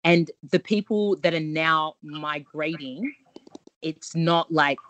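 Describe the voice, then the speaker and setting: A woman telling animated stories in casual conversation, acting out family exchanges. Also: deep voice, slow pace, dry recording, muffled recording. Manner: animated storyteller, acts out family dialogue. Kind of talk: casual storytelling.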